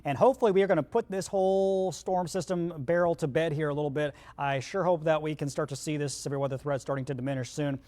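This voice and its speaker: Hiccuping throughout, the chief meteorologist delivers live storm coverage, explaining the radar conversationally but with urgency. He has a slightly high, warm voice with fairly even intonation, and he talks fast with hardly a pause.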